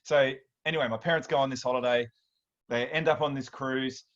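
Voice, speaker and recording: A man in his thirties with an Australian accent, hosting a workshop and telling stories in a chatty, animated way, often restarting his sentences. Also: medium pitch, fairly quick, highs cut off. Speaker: workshop host. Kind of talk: casual storytelling talk.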